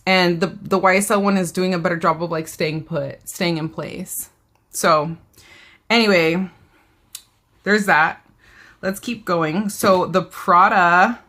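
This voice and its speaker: A woman's voice: lowish voice, steady tone, slow pace, fairly bright tone. A woman, hosting a casual live beauty haul, chatting and reading viewer comments aloud. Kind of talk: casual live-stream chat.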